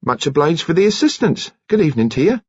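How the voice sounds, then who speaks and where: A man's voice: fairly high pitch, sing-song, darkish tone, husky, dry recording, pitched above the performer's own voice. A man doing a flustered old navy commander. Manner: flustered, apologetic, halting. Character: awkward, bewildered middle-aged ex-navy commander, drinker. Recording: dull, muffled audiobook recording.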